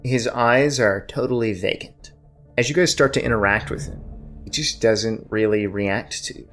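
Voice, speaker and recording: A man narrating as game master of a tabletop game, describing scenes in a measured way. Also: lowish voice, a bit bright, soft background music.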